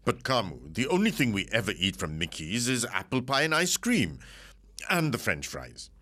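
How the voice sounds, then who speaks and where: A man voicing a placid, dismissive middle-aged husband who answers his wife calmly and flatly. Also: mid-range voice, normal speed, exaggerated voice. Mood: unbothered. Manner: calm, unbothered, flat.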